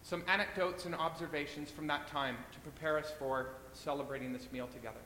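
A man's voice: fairly even intonation, brisk, pushed and bright. A man preaching a sermon in a church, earnest and repeating phrases for weight. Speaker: pastor. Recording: echoey church hall, faint rumble.

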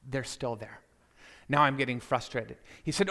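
A man telling a personal story to listeners, animated and speaking to them directly. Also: medium pitch, moderate pace, long reverb tail, a little hiss or hum. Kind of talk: storytelling talk.

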